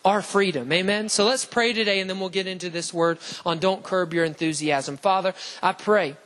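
Male pastor, high-pitched, fervent preaching with congregation call-and-response. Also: a little fast, fairly bright tone. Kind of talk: sermon. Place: church sanctuary.

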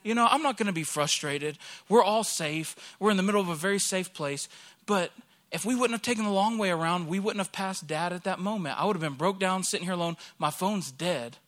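An Alabama pastor in his thirties preaches a sermon by telling a lively personal story, acting out the people he quotes. His voice is high and his delivery brisk.

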